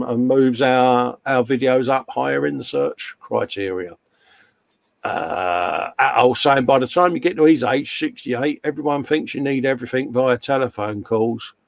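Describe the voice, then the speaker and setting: On a live model-building stream, this co-host reads out chat messages and trades jokes in a casual, banter-filled way. His voice is medium-pitched, gravelly and unhurried, with no echo on the recording.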